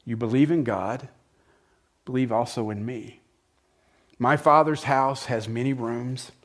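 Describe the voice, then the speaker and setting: Male pastor, mid pitch, conversational sermon delivery, shifts between forceful and hushed. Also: a little slow.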